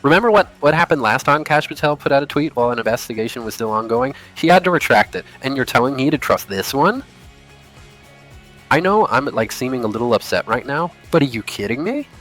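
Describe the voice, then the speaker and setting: A man's voice: mid-range voice, lively intonation, brisk, a bit bright, faint music behind. Furious man ranting about politics. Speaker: political commentator. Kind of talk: angry political commentary.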